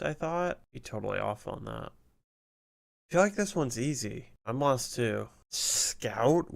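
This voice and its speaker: Slow, gravelly young man streaming. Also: medium pitch. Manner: casual, swears often, laughs things off. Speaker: gaming streamer. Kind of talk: casual gameplay chat. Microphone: desk microphone.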